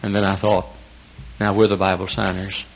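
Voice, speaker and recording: Older Texan preacher with a gravelly voice. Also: male voice, completely flat delivery, moderate pace, rough recording. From Texas. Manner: swings from hushed tender lows to high shouted preaching, chuckling often. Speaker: pastor. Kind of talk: sermon.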